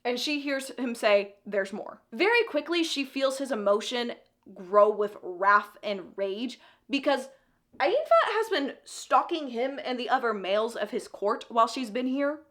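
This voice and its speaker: A woman recapping a fantasy novel for a video, chatty and unscripted. She drops sarcastic asides, and her voice sits fairly high. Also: lively intonation, measured pace, a bit bright. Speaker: book vlogger.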